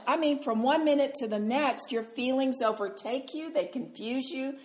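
A woman teaching a Bible study to a group, animated and tender, calling listeners sweetheart. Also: sits high, moderate pace.

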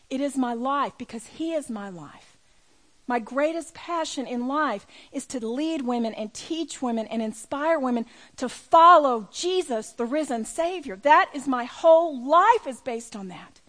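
A middle-aged woman speaking to a room as a women's ministry speaker, telling a personal story with emphatic, building delivery. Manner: storytelling, emphatic, rising to near-shouting at high points. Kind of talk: personal testimony talk. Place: room with a live audience.

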